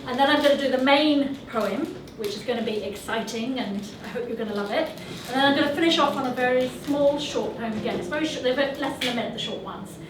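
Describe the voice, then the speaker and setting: A woman's voice: high voice, fast talker, few pauses. A woman poet chatting earnestly to the audience before she recites her poems on stage. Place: live venue. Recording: echoey room from far off, noisy.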